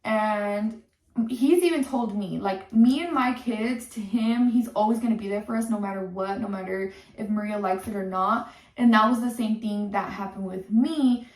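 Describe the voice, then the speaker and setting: A woman's voice: mid-range voice, darkish tone, distant mic. Heated young woman ranting, roomy sound. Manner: heated, swearing, talks fast with lots of "like". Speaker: content creator telling a story. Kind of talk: casual storytelling rant. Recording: echoey room, off-mic.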